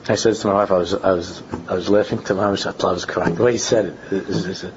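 A man's voice: fast, few pauses. A man teaching a Torah class, telling anecdotes and acting out dialogues, mixing Yiddish and Hebrew terms into his talk. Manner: animated storytelling, acts out dialogues in pitch jumps. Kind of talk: Talmudic-style lecture with anecdotes. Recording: lo-fi recording with faint background noise.

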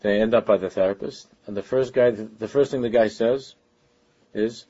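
A man's voice: on the low side, moderate pace, warm tone, muffled recording. A man giving an informal Torah lecture as a religious teacher, talking earnestly and conversationally and often stopping to restart his sentences.

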